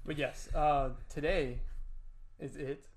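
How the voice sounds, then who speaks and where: Joking young podcast host. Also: male voice, steady tone, takes it slowly, slight background noise. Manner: joking, drops into a low reading voice. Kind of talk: casual podcast banter.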